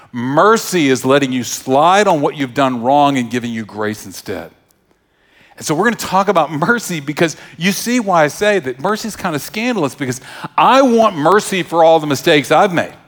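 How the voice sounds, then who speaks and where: A man's voice: fairly high pitch, animated, normal speed, fairly bright tone. A man preaching a sermon as pastor, conversational and joking as he tells stories.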